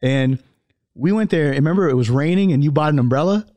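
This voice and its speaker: A man's voice: on the high side, fast, no room sound. Laughing man telling stories, dry sound. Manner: animated storyteller, laughs often. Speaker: podcast host. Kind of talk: casual chat, storytelling.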